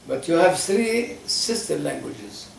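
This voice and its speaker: An older man from Lebanon with a Lebanese accent, answering interview questions in a halting, emphatic way, often restarting his words. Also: fairly high pitch, very animated, gravelly, reverberant, distant mic, slight background noise, rough recording. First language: Lebanese Arabic. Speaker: political party founder.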